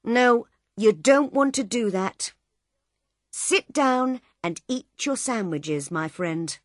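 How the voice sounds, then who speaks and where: A woman voicing a calm, worldly older man who gives unhurried advice. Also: a little high, no echo, clean studio sound, voice pushed up.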